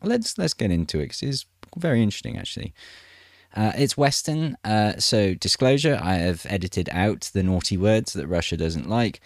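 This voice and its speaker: A man's voice: on the low side, lively intonation, moderate pace, no echo, studio quality. A man reading a news article aloud and breaking off for chatty, wry asides to his viewers. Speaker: news commentator.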